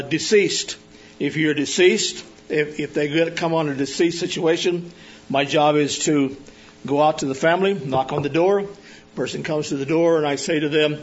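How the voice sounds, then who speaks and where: Halting older man preaching a sermon. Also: on the high side. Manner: halting, many filler sounds and restarts. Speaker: police chaplain and preacher. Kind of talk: sermon with personal testimony. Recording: dull lo-fi recording.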